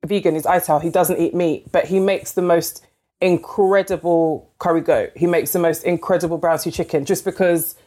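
Chatty woman with a lowish voice. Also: normal speed. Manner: chatty, fills with "like", acts out quoted dialogue with lively pitch jumps. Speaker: novelist guest. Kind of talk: casual storytelling interview.

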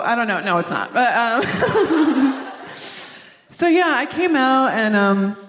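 A woman doing a stand-up comedy set on stage in a large theater, talking in a rambling, chatty way full of "like" and "you know". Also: medium pitch. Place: large live theater hall with audience. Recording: echoey live hall with long reverb.

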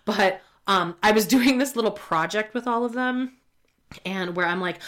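A woman co-hosting a relaxed podcast conversation. She talks in a loose, chatty way, swears casually and often trails off into fillers before picking her thought back up. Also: mid-range voice, moderate pace. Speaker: podcast co-host. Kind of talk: casual chat.

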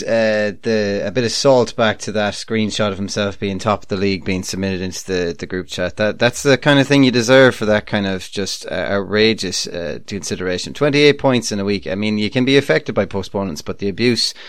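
A man's voice: lowish voice, smooth, no room sound. A young man as guest co-host of a casual podcast, bantering with dry mock-formal humour and stammering restarts. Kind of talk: casual chat.

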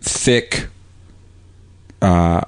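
A man co-hosting a casual podcast chat, teasing the others with quick comebacks. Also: low-pitched, smooth.

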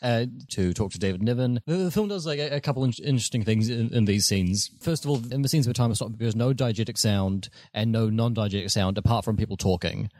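A man's voice: lowish voice, fast talker, hardly any pauses, a little mellow, dry recording. A man co-hosting a casual film podcast, explaining scenes with frequent stammering restarts. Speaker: podcast co-host.

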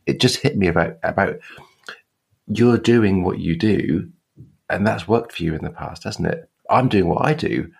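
A man co-hosting a podcast over a video call, speaking slowly and thoughtfully with frequent restarts. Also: deep voice, gravelly, breathy edge. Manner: thoughtful, slow, hesitant, with restarts. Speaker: podcast co-host.

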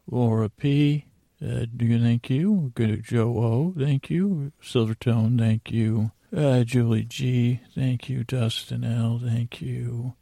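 A man hosting a podcast meant to help listeners sleep, reading out listener names in a meandering, soft, rambling way. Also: medium pitch, steady tone, slow, vocal fry, no room sound. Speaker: podcast host. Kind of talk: sleepy listener shout-outs.

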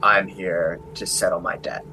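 A menacing hooded cultist growls out a low, raspy threat, as a man voices him at the gaming table. The tone is dark and slow, a villain warning intruders off. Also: steady tone, slight background noise, full character voice, low-quality recording. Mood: threatening.

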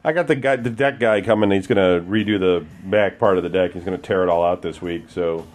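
A man's voice: deep voice, a little fast, a little mellow. A man in casual banter, grumbling and ranting with a lot of swearing.

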